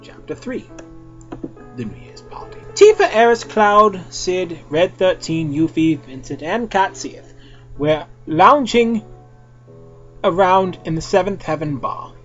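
A man's voice: high-pitched, lively intonation, slow, a bit bright. A young man reading a fan-fiction story aloud, dramatic and playful, switching between character voices. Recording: dull lo-fi recording with faint music.

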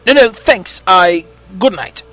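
A man's voice: high-pitched, sing-song, slow pace, pushed and bright, voice pushed up, exaggerated voice. A man voicing a polite, hesitant young man who stammers carefully on the phone. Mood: nervous.

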